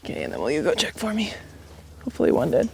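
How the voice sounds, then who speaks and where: A woman softly talking to a young horse as she gentles it, calm and reassuring, often dropping to a whisper. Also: deep voice, very fast, creaky. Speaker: horse trainer in a gentling challenge. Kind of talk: soft-spoken talk to a horse. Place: outdoors at a horse pen.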